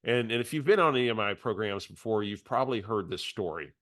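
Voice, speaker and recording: A man's voice: on the low side, expressive, quick pace, fairly bright tone. Conversational middle-aged male coach. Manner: conversational, repeats words as he restarts. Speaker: real estate coach. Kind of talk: webinar coaching talk with anecdote.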